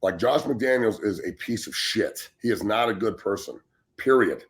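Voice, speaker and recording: A former pro football player of about forty, co-hosting a talk show, telling a story in a blunt, profane, emphatic way. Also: male voice, lowish voice, expressive, normal speed. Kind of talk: heated casual talk show rant.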